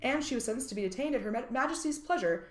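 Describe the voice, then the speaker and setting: A woman hosts a true crime podcast, walking through case facts with a high, very lively voice that swoops up and down. She breaks off into jokes and the odd swear word. The sound is roomy and echoey. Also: very fast. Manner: reads case details, then jokes and swears. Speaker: podcast co-host.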